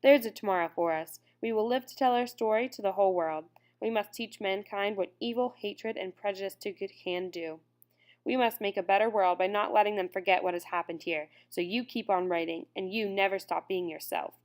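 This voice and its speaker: A woman voicing a gentle, quietly determined teenage boy in an audiobook, speaking in a soft, calm voice. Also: mid-range voice, fairly quick, lightly acted. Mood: stern. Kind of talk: audiobook character reading.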